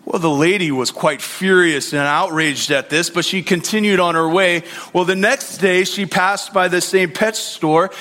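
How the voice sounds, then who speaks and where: With a high, sharp-toned voice, a pastor in his forties preaches at a moderate pace, keeping his tone steady and hardly pausing. The sermon is conversational, mixing prayer and anecdotes, and heavy with fillers and repeated words, all carried by a long hall reverb.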